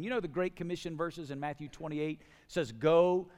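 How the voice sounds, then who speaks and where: A pastor preaching with a slightly high voice, pressing his points with emphatic, building repetitions. His voice rings out in the long reverb of a large church hall, swelling from hushed lines to loud ones. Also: steady tone, moderate pace. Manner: emphatic, swings from hushed to loud repeated lists. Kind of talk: sermon.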